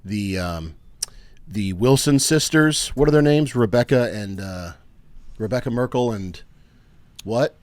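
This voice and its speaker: A man's voice: mid-range voice, a little slow, pauses often, dry recording. A young man co-hosting a podcast in casual banter, rambling and joking, worn out after being sick. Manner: rambling, joking, trails off with fillers. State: tired. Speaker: podcast co-host.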